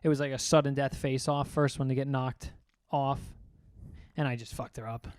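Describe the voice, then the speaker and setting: A man's voice: mid-range voice, steady tone, normal speed, darkish tone, smooth, no echo, studio quality. A young man co-hosting a podcast, telling rambling stories in casual chat, swearing often and acting out what people said. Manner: rambling storyteller, swears often, acts out quotes. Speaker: podcast co-host.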